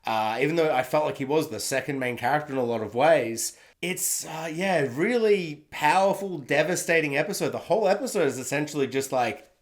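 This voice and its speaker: Guy, TV recap vlogger on his own camera, chatty, self-mocking, voice a touch high. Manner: rambling, laughs often, self-deprecating. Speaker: TV review vlogger. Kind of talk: casual spoken review. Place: home room. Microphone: own camera setup.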